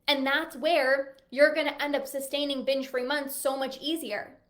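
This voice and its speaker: A woman's voice: sits high, fairly even intonation, normal speed, fairly bright tone. A woman coach talking straight to her viewers, enthusiastic and emphatic, now and then acting out her clients' worried thoughts. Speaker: binge eating coach. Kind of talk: direct-to-camera pitch.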